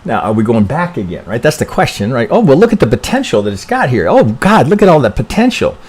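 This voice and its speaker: A man's voice: mid-range voice, big pitch swings, quick pace, a little mellow, breathy edge. Rambling man talking through charts. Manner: rambling, self-interrupting, frequent "right?" tags and mild swearing. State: congested with allergies. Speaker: trading educator reviewing charts. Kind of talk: casual live-stream chart review.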